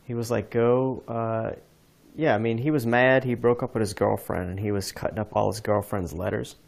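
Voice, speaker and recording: A man's voice: lowish voice, steady tone, moderate pace, vocal fry. A man hosting a podcast, telling a rambling story in casual chat with many restarts. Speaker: podcast host.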